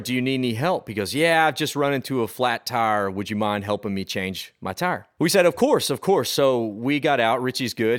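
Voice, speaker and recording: A man with a somewhat low voice tells a ghost story as a podcast co-host. He rambles casually, circling back with fillers and half-finished phrases before landing each beat. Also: clean tone. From Texas, Austin area. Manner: chatty, drawn-out, with fillers and restarts. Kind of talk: casual storytelling of a spooky true tale.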